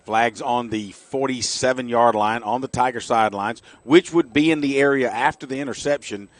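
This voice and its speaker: A middle-aged man giving chatty, folksy color commentary on a high school football game for radio. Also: normal speed. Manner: folksy, chatty, jokey asides.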